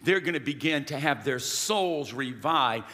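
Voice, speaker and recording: Male pastor, emphatic call-and-response preaching, bright tone, long church-hall reverb. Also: medium pitch, lively intonation, measured pace. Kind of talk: sermon. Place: church sanctuary.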